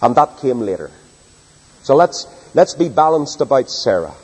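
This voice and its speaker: Animated preacher in a reverberant hall. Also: male voice, medium pitch, moderate pace, breathy edge. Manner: emphatic, dramatic reading of scripture. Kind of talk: evening sermon. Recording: long reverb of a large hall.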